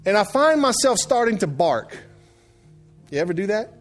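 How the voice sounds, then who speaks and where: A middle-aged man preaching a sermon, telling stories that swing from quiet, hushed lines to loud shouted outbursts. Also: high-pitched, sing-song, moderate pace, soft background music. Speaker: pastor.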